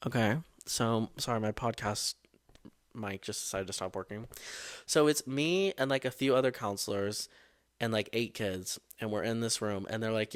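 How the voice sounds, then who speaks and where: A man's voice: mid-range voice, moderate pace. A young man hosting his own podcast, retelling a childhood story in a casual, profane and exasperated way. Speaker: podcast host.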